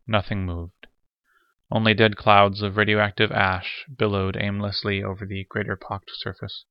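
A man reading a story aloud in a steady, somber narration. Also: lowish voice, creaky, dry recording, dull audio. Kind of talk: scripted narration.

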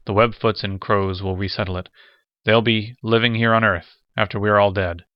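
A man's voice: lowish voice, steady tone, moderate pace, clean tone, no room sound, lo-fi sound, close to an everyday voice. A man voicing a plump, impatient military commander who makes demands. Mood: demanding.

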